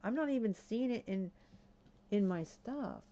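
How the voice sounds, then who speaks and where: In a muffled recording, the same kind of casual game stream plays out: a woman with a mellow, mid-range voice speaks a little slowly with lively intonation. Addressing herself and her viewers, she becomes alarmed and keeps letting out exclamations.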